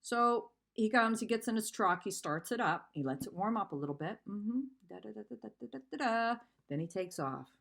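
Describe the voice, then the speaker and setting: A woman's voice: mid-range voice, animated, fairly quick, vocal fry, hardly any pauses, a bit bright. A woman in her fifties venting in a vlog, upset and telling a rambling, profane story. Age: 50s. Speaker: vlogger. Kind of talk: emotional personal venting.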